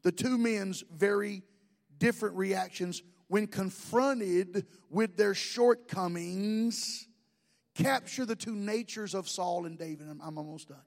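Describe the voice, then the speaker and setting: A man's voice: high-pitched, slow, creaky, big-room sound. A man preaching a sermon, conversational, joking with the congregation in asides. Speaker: pastor.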